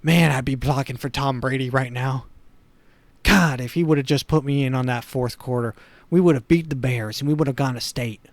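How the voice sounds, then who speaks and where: A man voicing a bitter, washed-up former high-school athlete turned cop who grumbles about missed chances. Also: normal speed, no echo, close to an everyday voice. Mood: whiny. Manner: whiny, regretful grumbling.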